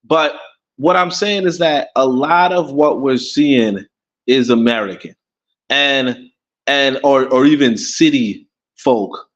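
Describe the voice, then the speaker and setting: A man's voice: medium pitch, slow, muffled recording. A Caribbean-born man co-hosting a casual podcast livestream, rambling, repeating words and chuckling as he talks. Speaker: podcast co-host. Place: abroad in Africa.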